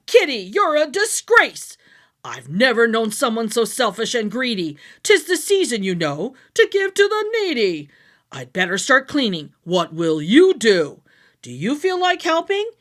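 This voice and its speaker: A woman voicing an exasperated pet owner who scolds loudly in a read-aloud storybook. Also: high voice, big pitch swings, a little slow, full character voice. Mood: scolding.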